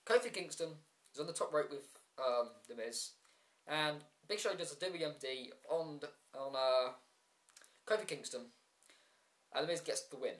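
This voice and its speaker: A man's voice: on the high side, lively intonation, normal speed, a bit bright. A man giving a casual solo review vlog, frustrated and ranting, with many ums and restarts and sarcastic asides. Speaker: wrestling show reviewer.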